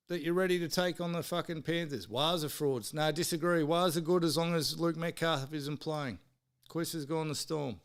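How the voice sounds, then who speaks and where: Swearing, teasing Australian man, smooth voice. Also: a little high, fairly even intonation, normal speed. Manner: swears freely, teases viewers and mates in the chat. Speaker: live-stream host. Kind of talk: casual live-stream footy tipping chat.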